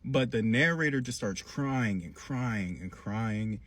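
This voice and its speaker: A man giving a casual, slangy recap of a cartoon episode with animated storytelling. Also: medium pitch, takes it slowly. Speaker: cartoon reviewer.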